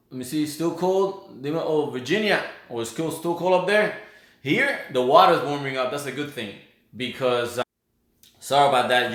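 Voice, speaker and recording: A man's voice: medium pitch, fairly bright tone. Man chatting on a live stream. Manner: rambling, greets viewers by name and place. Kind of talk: casual live-stream chat. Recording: roomy echo.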